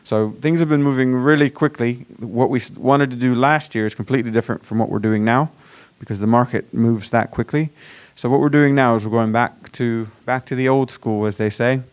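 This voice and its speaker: Man, from Virginia, mixed American-British accent, smooth clear voice, average pitch, casual conference pitch, chatty and self-deprecating. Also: fairly quick, hardly any pauses. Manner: chatty, self-deprecating, many fillers and restarts. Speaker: startup founder pitching to an audience. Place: conference room before a live audience.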